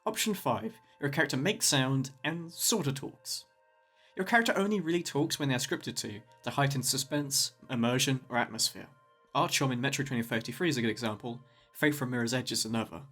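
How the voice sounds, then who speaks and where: A man's voice: mid-range voice, fairly quick, a bit bright, faint music behind. Wry man narrating a video essay. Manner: wry, jokey asides.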